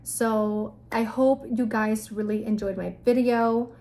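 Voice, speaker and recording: Speaking slowly and steadily, a young female vlogger offers blunt advice straight into the camera in a fairly high but darkish-toned voice. She keeps it casual, with plenty of fillers and some mild swearing.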